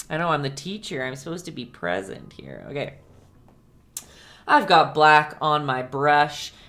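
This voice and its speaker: Low-voiced young woman doing a chill live painting class, chatty, keeps laughing and talking to her viewers. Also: a bit bright. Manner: chatty, laughs often, talks to viewers by name. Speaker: painting instructor. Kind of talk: casual live-stream painting lesson. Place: home painting setup.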